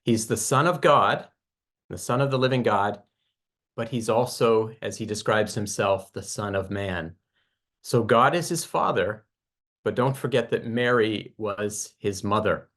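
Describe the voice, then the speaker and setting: A man teaching a Bible lesson in a measured, explanatory way, restarting phrases now and then as he works through a point. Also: on the low side, fairly bright tone.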